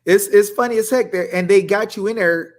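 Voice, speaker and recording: A man co-hosting a livestream who talks in an excitable, preacherly way, often calling his viewers y'all. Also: sits high, fairly quick, slight background noise. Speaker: livestream co-host. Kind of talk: animated live-stream talk with Bible reading.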